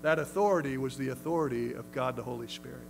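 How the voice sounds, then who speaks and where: A man's voice: medium pitch, quick pace, vocal fry, faint music behind, poor audio. A male pastor preaching a sermon in an emphatic, conversational way. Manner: emphatic, conversational, acts out quotes.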